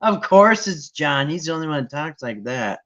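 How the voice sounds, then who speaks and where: Guy thinking out loud over a trivia game, kinda high voice, muffled lo-fi audio. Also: moderate pace. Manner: chatty, muses aloud, many restarts and excited jumps. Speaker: host playing a Bible trivia game with viewers. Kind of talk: casual chat while thinking aloud. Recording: dull lo-fi sound.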